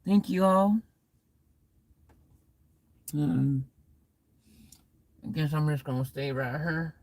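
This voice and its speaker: A woman's voice: low voice, slow, a little mellow, no room sound. A woman vlogger chatting playfully with her viewers on a phone while parked in her car at a gas station at night. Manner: playful and jokey, says goodnight to viewers. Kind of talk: casual livestream chat.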